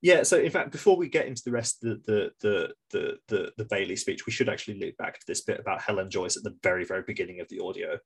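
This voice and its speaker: A low, husky-voiced man talks loosely and casually as a podcast co-host. He swears freely and often restarts his sentences with repeated words. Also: lively intonation, quick pace, hardly any pauses. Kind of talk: casual political chat.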